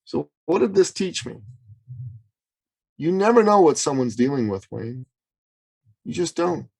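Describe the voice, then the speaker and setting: A man's voice: big pitch swings, a little slow, gravelly, breathy edge, poor audio. A man, a business coach born in Iran, telling a story as an interview guest, acting out the quotes with big swings in voice and pacing. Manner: dramatic, acts out quotes with big pitch swings. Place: Toronto. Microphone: remote call.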